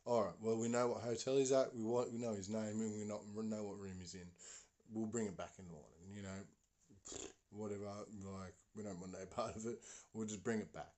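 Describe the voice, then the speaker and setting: A man's voice: lowish voice, steady tone, a little fast, a little mellow, close to an everyday voice. A man voicing a group of impatient young women friends, grumbling and exasperated. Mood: fretting.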